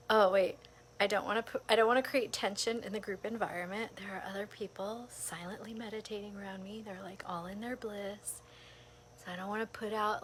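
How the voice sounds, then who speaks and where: A woman casually recounting a personal experience, lively and animated, often saying "like" and laughing between thoughts. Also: mid-range voice, slight background noise. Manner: animated storytelling with frequent laughs, filler "like". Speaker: vlogger.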